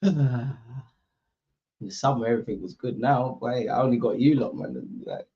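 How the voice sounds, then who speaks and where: A man's voice: mid-range voice, a little slow, lo-fi sound. A young man hosting a football watchalong, chatting casually and animatedly with slang to his live viewers. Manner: animated, slangy, banter with chat.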